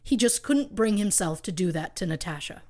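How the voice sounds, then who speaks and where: A woman's voice: mid-range voice, lively intonation, moderate pace, dark tone. A woman co-hosting a podcast, telling a true crime story from her research with wry asides and light laughs. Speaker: podcast co-host.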